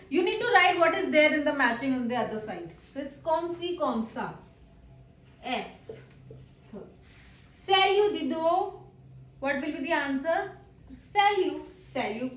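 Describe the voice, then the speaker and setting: A woman's voice: high voice, animated, unhurried, recorded from a distance. A woman teaching beginner French, patiently walking through worksheet answers and repeating each one, with slightly non-native English phrasing. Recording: roomy echo, voice a little off-mic.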